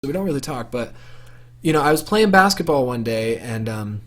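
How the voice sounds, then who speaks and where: A man's voice: medium pitch, expressive, brisk. A young man telling a personal story to camera for his vlog in a casual, rambling way, full of fillers and restarts. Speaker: vlogger.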